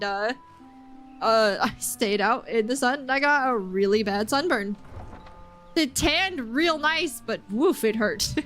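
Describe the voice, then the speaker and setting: Young woman, high voice, game streamer; giggly, rambling chatter with her chat, faint music behind. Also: a bit bright. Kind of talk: live gameplay stream chat.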